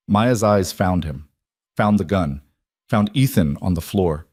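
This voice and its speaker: A man narrating a scripted dark romance story in a steady, even storytelling voice. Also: sits low, takes it slowly, no echo, clean studio sound.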